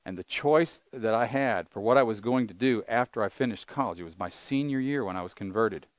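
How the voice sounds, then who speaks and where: An older pastor delivers a sermon in an earnest, conversational manner, posing rhetorical questions to his listeners. His voice is on the low side and a little fast, with no room sound.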